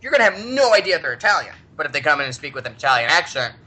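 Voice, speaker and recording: A man co-hosting a podcast in casual chat, telling stories in a chatty, animated way. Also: on the high side, very fast, husky. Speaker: podcast co-host.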